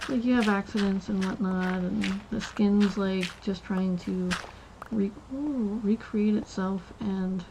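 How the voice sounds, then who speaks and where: A woman's voice: medium pitch, fairly even intonation, measured pace, hardly any pauses, noisy background. A woman streamer telling a casual, rambling story while she plays, with lots of restarts and fillers.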